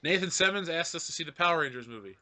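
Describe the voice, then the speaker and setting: A man hosting a casual podcast, reading viewer comments aloud with loud, laughing, profane banter into a podcast microphone. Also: on the high side, lively intonation, rapid-fire. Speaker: podcast host.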